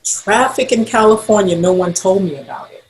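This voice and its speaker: Animated woman storyteller, roomy echo. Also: medium pitch, moderate pace. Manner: animated, acts out quoted dialogue. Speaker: podcast guest, costume designer. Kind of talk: telling an anecdote in an interview.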